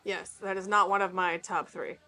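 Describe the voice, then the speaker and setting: A woman's voice: medium pitch, steady tone, moderate pace, sharp tone, soft background music. A woman co-hosting a casual conversation, talking freely with fillers and frequent laughs. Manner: chatty, laughs often, hesitant fillers. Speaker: podcast co-host. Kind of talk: casual chat.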